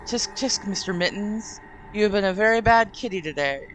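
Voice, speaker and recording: A woman's voice: high voice, moderate pace, bright, forceful tone, a little hiss or hum, pitched above the performer's own voice, low-quality recording. A woman voicing a condescending male pet owner who scolds his cat.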